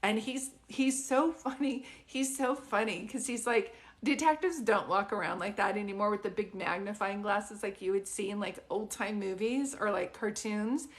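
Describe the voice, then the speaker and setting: A woman's voice: mid-range voice, normal speed, few pauses. Woman doing a psychic reading at home, rambly and chatty, lots of "like", medium voice. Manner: chatty and rambling, full of "like" and restarts. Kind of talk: casual live-stream reading. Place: at home with a dog nearby.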